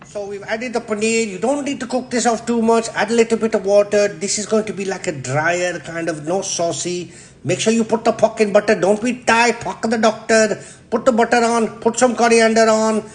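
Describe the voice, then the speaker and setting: A man with a Yorkshire accent hosting a comic cooking demonstration, brash and deadpan, swearing constantly as he talks through the steps. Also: sits high. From Yorkshire, England. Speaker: cooking show host.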